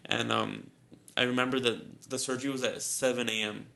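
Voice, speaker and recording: A man's voice: mid-range voice, level tone, normal speed, gravelly, pushed and bright. A young man on a podcast telling a story in casual chat, rambling and repeating himself with a lot of "like", sounding shaky and nervous. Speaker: podcast co-host.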